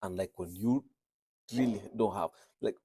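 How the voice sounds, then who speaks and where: In a reflective talk on having an accent, a male nurse who learned English as a second language speaks earnestly and repeats phrases for emphasis. His pitch is fairly low and his pace moderate. The voice is mellow, and a little hiss or hum can be heard.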